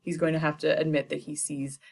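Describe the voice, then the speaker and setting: A young woman teacher retelling a play for students in a chatty, slangy way, tossing in quick playful character voices. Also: low voice, little pitch movement, gravelly, a little mellow.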